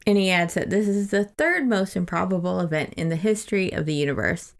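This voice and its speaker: Woman podcast co-host, young adult, low gravelly voice, casual plot recap. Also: fairly quick. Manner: chatty, summarizing a plot with loose quoted asides. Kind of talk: casual book-club chat.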